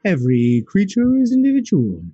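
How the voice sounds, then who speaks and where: Husky, lively-voiced man player. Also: high-pitched, a little fast, no room sound, highs cut off. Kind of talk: tabletop game play.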